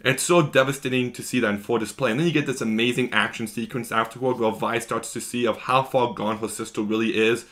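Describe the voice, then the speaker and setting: A man's voice: medium pitch, fairly even intonation, quick pace, few pauses, fairly bright tone. A man giving an enthusiastic, gushing episode recap as a video reviewer, talking in long run-on strings.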